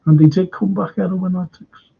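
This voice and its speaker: A man's voice: high voice, fairly even intonation, normal speed, gravelly, husky, narrow, tinny audio. A man with a Scouse accent hosting a live stream, chatting casually in a rambling, stop-start way and reading out viewer comments.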